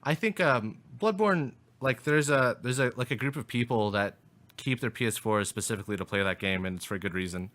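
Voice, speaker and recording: A young man in the middle of a casual gaming podcast, with an ordinary mid-pitched voice. He talks in quick bursts, swears freely, and often stops to restart his sentences. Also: a bit bright. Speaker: podcast co-host.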